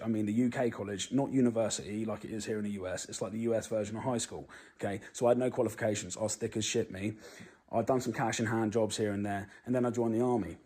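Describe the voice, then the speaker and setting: A man's voice: on the low side, dark tone, husky. A British man in his thirties giving a blunt, swear-filled monologue to camera. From Britain. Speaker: vlogger.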